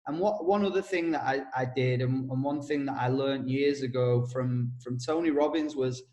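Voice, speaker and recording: A man co-hosting a casual podcast chat, telling stories with frequent laughs and quick asides. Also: mid-range voice, warm tone, reverberant. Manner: chatty storyteller, laughs often, quick asides. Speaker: co-host, personal development coach.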